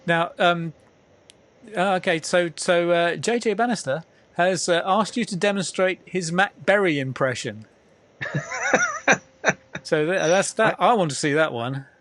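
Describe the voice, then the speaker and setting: A man's voice: high-pitched, unhurried, pauses often, fairly bright tone. A man hosting a casual interview, chatty and rambling with plenty of fillers. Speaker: interviewer, host. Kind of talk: casual video-call interview.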